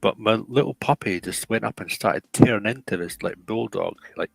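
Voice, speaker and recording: A middle-aged man in casual chat, rambling and halting with many restarts. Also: fairly low pitch, gravelly, breathy edge, no room sound, rough recording.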